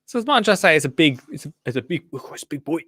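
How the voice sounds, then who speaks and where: A man hosting a casual livestream, chatting and joking as he reacts to a gardening show. He often restarts his sentences and coos at his plants in a high, sing-song voice. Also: big pitch swings, rapid-fire, bright, forceful tone, no echo. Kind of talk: casual chat.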